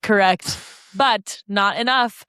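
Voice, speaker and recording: Woman cohost, chatty and easygoing, mid pitch, dry close mic. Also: takes it slowly, sharp tone, clear, resonant tone, dry recording. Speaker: podcast co-host. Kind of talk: casual chat.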